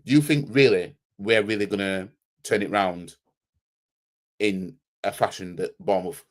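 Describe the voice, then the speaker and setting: A man's voice: low-pitched, unhurried. A man hosting a football fan channel, giving a heated, blunt match reaction full of slang and repeating himself for emphasis.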